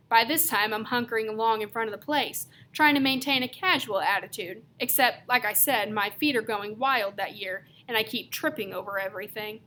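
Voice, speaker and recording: A woman narrating a first-person audiobook, telling it in the loose, slangy voice of a teenage boy. Her tone is bright and set somewhat high, with a faint hiss of background noise. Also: a little fast, few pauses.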